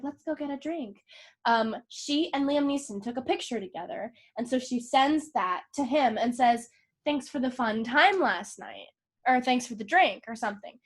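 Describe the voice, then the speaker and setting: A woman co-hosting a casual podcast, retelling a movie plot with profanity and acted-out lines. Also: high voice. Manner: animated, profane, acts out movie scenes. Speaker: podcast co-host.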